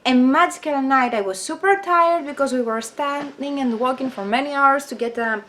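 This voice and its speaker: A young woman vlogging, telling a personal story in an excited, halting way with many fillers. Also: high-pitched, slight background noise. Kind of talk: casual personal storytelling to camera.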